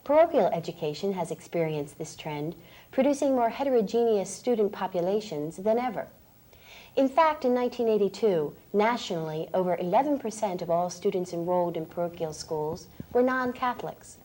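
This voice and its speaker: A woman hosting a 1980s television magazine program, reading prepared lines in a clear, measured way. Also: mid-range voice, expressive, warm tone. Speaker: program host. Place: 1980s TV studio.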